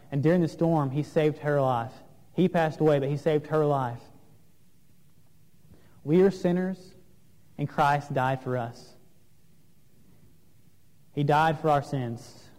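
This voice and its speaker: A man's voice: fairly high pitch, a little mellow. Earnest man preaching in a reverberant church. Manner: earnest, questioning, with pauses and fillers. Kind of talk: sermon. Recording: long reverb of a large room.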